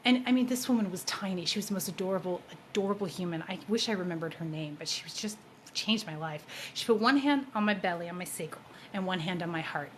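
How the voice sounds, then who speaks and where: A woman's voice: on the low side, fast talker, a little hiss or hum. Woman host telling a personal story. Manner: animated, acts out quoted voices. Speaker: psychic show host. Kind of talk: storytelling monologue.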